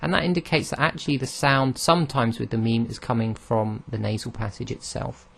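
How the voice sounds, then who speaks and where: A man's voice: medium pitch, steady tone, fairly quick, vocal fry, a bit bright. A man teaching Arabic pronunciation in a recorded lesson, explaining patiently step by step and sounding out each letter aloud.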